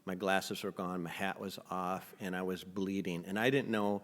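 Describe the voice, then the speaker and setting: A man who is a guest on a casual podcast. He tells a story in a blunt, animated way. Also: low voice, moderate pace, long reverb tail. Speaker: artist guest. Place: studio.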